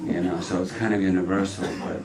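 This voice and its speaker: Low-voiced man telling stories at a film Q&A. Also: flat delivery, fast talker, very noisy. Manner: chatty, laughs often while talking. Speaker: guest at a film Q&A. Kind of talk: casual anecdotal storytelling. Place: cinema hall in front of an audience.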